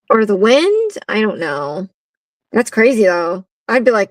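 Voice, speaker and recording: A woman's voice: medium pitch, huge pitch swings, unhurried, no room sound. A woman hosting a live nail art stream, chatting casually, laughing often and reading viewer comments aloud.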